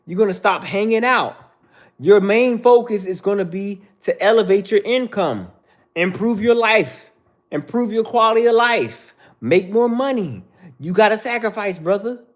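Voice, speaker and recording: A man's voice: high-pitched, animated, normal speed. A man in his thirties hosting a livestream, bluntly lecturing viewers in the chat with repetitive slang. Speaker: livestream host. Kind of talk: casual livestream rant.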